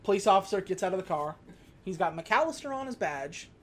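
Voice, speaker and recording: A podcast co-host in casual chat, retelling a movie's scenes and slipping into quick character voices for the lines. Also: medium pitch, animated, slight background noise.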